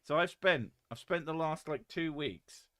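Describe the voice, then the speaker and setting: A British man chatting casually on a live stream, reading chat aloud with a joking, deadpan manner and casual swearing. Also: fairly high pitch, measured pace, no echo, clean studio sound.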